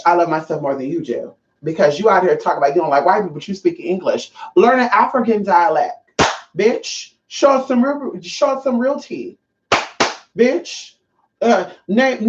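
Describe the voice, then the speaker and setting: A woman's voice: medium pitch, highs cut off. A woman hosting a livestream from home as a spiritual teacher. She talks in a casual, sassy and emphatic way and swears freely.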